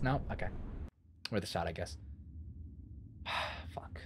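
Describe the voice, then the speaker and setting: A young man giving let's play commentary on a horror game, excitable and cursing loudly when startled. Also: mid-range voice, a little slow, pauses often, background noise. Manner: excitable, swears and yells when scared. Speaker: gaming video creator.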